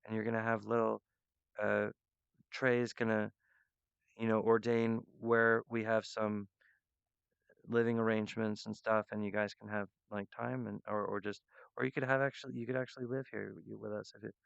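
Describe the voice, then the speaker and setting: A man rambling earnestly and emotionally to his viewers, halting often with restarts and fillers. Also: on the low side, flat delivery, gravelly, smooth, no echo, dull audio. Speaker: artist addressing viewers. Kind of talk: rambling direct-to-camera monologue.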